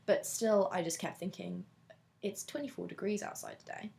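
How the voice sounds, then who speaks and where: A woman in her twenties from England, talking candidly in a casual interview, chatty and quick to laugh. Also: lowish voice, wildly swooping pitch, creaky, mellow. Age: 20s.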